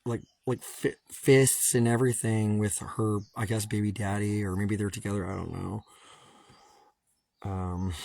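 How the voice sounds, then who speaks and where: A man's voice: medium pitch, dry recording. A man from Hawaii ranting on a casual livestream while walking his dogs, swearing constantly and laughing bitterly between complaints. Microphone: phone.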